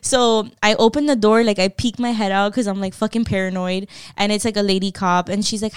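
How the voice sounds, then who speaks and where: A young woman telling a casual storytime, animated and profane, acting out the voices she quotes. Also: mid-range voice, fairly quick, hardly any pauses, smooth, dry recording, clean studio sound.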